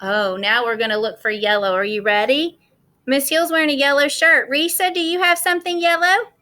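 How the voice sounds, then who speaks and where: A woman's voice: high voice, a little fast, pushed and bright. A woman teaching kindergarten over a video call, cheerful and sing-song, coaxing young children through the morning meeting. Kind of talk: online class morning meeting.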